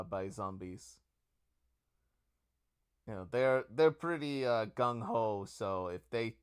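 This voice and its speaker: A man's voice: lowish voice, smooth. A man voicing a laid-back, friendly adult man in a tabletop game, with an easygoing, drawling delivery.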